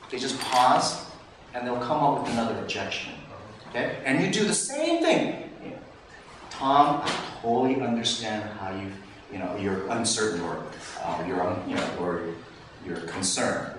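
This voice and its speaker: A man with a fairly high voice coaches a sales team in lively bursts. He often slips into the lines of customers and sellers. He is recorded from a distance in a very echoey room with faint noise. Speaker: sales trainer. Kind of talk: live training talk. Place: training room.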